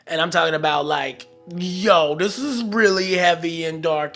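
A man reviewing comic books in a casual vlog, excitable and rambling, teasing his viewers with jokey asides. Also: on the high side, measured pace, hardly any pauses, faint music behind.

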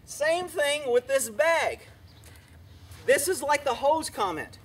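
Blunt, sarcastic high-voiced male horse trainer. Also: lively intonation, takes it slowly. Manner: brash, sarcastic, scolding. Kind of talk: blunt instructional vlog talk.

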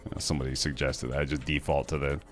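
A man's voice: very deep voice, level tone, rapid-fire, slight background noise. A man streaming a video game live, chatting casually and rambling between remarks on the game. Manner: chatty, rambling, jumps to loud yelps when startled.

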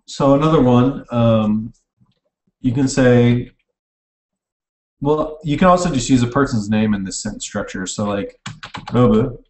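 A man teaches in an easy, casual way, stopping now and then to correct himself. His voice sits at a middling pitch. He sounds a little distant from the mic in a roomy, echoing space, with keyboard typing behind him. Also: measured pace, pauses often, darkish tone. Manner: casual, self-correcting, types while explaining. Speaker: online language teacher. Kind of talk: informal recorded lecture. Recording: echoey room, mic at a distance.

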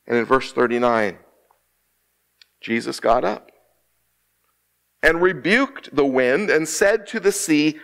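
A man preaching a sermon as associate minister in a church, slow and emphatic, with dramatic pauses and quiet hushed drops. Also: fairly high pitch, expressive, gravelly. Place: church sanctuary.

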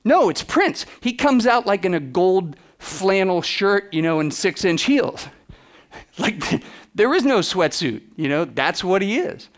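Man, conference keynote, casual animated storytelling, slightly high voice, loose fillers. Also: unhurried. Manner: animated storytelling, acts out quotes with voice drops; casual, many "like" and "you know" fillers. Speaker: photographer giving a keynote. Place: conference stage before an audience.

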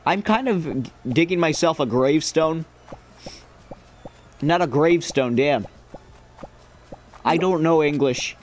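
A man's voice: a little high, expressive, a little slow, pauses often, faint music behind. A young man rambling and joking through casual gameplay commentary as a gaming video creator.

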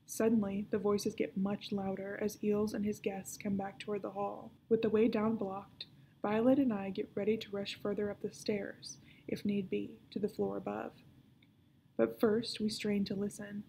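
A woman reading a children's chapter book aloud, keeping her narration hushed and often dropping to a whisper. Her voice is dark and mellow, with a gravelly edge. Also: medium pitch, little pitch movement, normal speed, slight background noise.

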